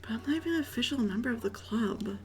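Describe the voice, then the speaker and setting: A woman's voice: fairly high pitch, animated, fast, slightly rough, heavily acted. A woman voicing a meek, unsure young male student in a video game, speaking hesitantly. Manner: hesitant, mumbling.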